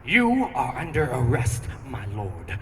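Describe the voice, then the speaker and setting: A man voicing a stern male warrior monk with slow, solemn lines, recorded from a distance on stage. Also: mid-range voice, wildly swooping pitch, in a large hall, a crowd in the background, voice pushed down.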